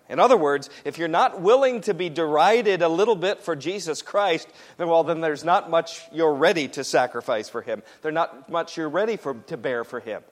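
A man's voice: on the high side, expressive, normal speed, big-room sound. A man preaching a sermon to a congregation, emphatic and repetitive as he presses each point home. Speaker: pastor.

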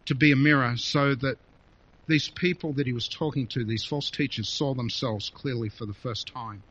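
A man preaching a sermon, reading scripture aloud with feeling and expressive emphasis. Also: mid-range voice, normal speed, husky. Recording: dull lo-fi recording.

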